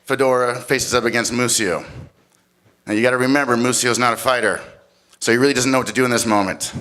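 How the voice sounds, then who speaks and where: A man telling a story live on stage at a competition, animated and swinging from loud shouts to hushed tones. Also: mid-range voice, quick pace.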